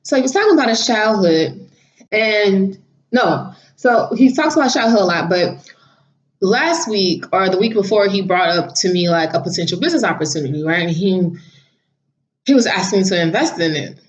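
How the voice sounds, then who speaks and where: Woman vlogger just chatting and telling stories, mid pitch, kinda lo-fi audio. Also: normal speed. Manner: chatty, animated, laughs while telling stories. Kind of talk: casual storytelling vlog. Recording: slightly dull lo-fi audio.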